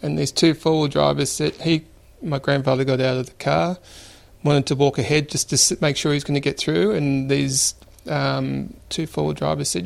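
A man in his fifties with an Australian accent, telling family stories in a relaxed, rambling way with many fillers. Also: on the high side, normal speed, gravelly. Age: 50s. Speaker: interviewee. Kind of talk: relaxed storytelling.

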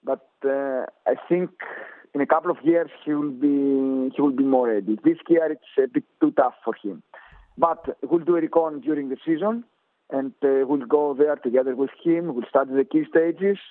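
A man's voice: medium pitch, normal speed, dry recording. A man with a Greek accent, a cycling coach answering interview questions, hesitant with many fillers and restarts. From Greece. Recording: tinny phone-like line.

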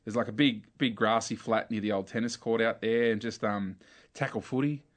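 Australian man, lowish voice, relaxed storyteller, casual slang-filled chat. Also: normal speed.

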